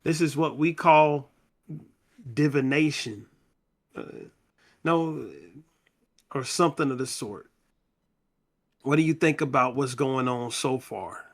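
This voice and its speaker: A man hosting a book club podcast, retelling a novel's scenes in a casual, conversational way and reading the characters' lines in his own voice. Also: mid-range voice. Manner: slow, conversational retelling with quoted dialogue read in plain voice.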